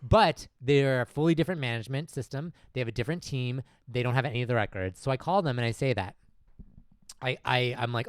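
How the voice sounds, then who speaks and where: A man's voice: mid-range voice, a little fast, smooth, no room sound, clean studio sound. Laughing man telling a story. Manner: animated, laughs often while telling a story. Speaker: podcast host. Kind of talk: casual comedic storytelling.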